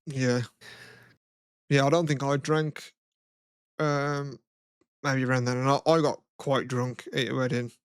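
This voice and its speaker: A young man co-hosts a podcast in loose, rambling chat, swearing freely and laughing easily. His voice is smooth and resonant. The sound is close and dry. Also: medium pitch, level tone, a little slow, pauses often, no room sound. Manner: rambling and profane, laughs often. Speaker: podcast co-host. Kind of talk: casual chat.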